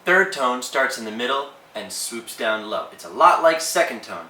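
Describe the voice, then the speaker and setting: Male tutor, casual and chatty, bright tone, roomy distant sound. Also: mid-range voice, moderate pace, a little hiss or hum. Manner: relaxed, with frequent ums and uhs. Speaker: language teacher. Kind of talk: casual explanatory lesson.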